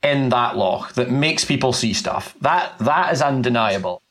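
A man's voice: mid-range voice, lively intonation, a little slow, a bit bright. A man with a Scottish accent from the north of Scotland, co-hosting a podcast with wry, explanatory chat. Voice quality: wry, self-mocking, explanatory. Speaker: podcast co-host. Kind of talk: casual chat.

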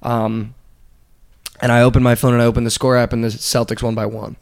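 A young man co-hosting a podcast, chatting casually and telling stories in animated bursts, swearing freely. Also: mid-range voice, brisk, gravelly. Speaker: podcast co-host. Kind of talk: casual sports chat.

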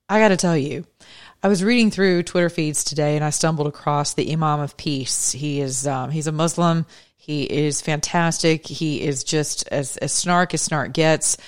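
Low-voiced woman preaching her opinions. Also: smooth. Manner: conversational, earnest, preacherly. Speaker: podcast host. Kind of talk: opinionated religious commentary.

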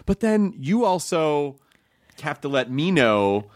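A man's voice: on the high side, very animated, slow, dry recording, clean studio sound. A man hosting a podcast in casual, playful, jokey chat. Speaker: podcast host.

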